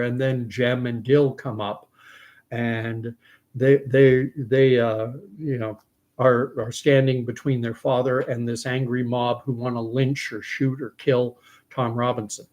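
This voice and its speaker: A man's voice: medium pitch, flat delivery, a little slow, a little mellow. A man from Canada, host of his own commentary show, retelling a film scene in a reflective way.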